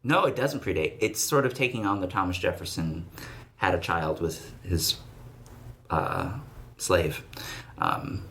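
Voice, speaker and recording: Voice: deep voice, unhurried, pauses often, fairly bright tone. A podcast co-host in casual chat, talking in a rambling, enthusiastic way and laughing often. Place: library recording room.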